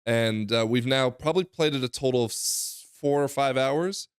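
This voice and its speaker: A hoarse man hosting a casual gaming podcast, rambling through stories and laughing often. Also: mid-range voice, normal speed, no room sound, clean studio sound. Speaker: podcast host.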